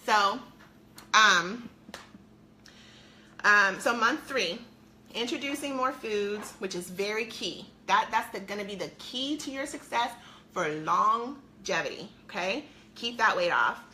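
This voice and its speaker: A woman's voice: mid-range voice, animated, takes it slowly, bright, forceful tone, slight background noise. A middle-aged woman chatting to viewers on a live stream from her home, a weight-loss coach in an upbeat, talkative manner.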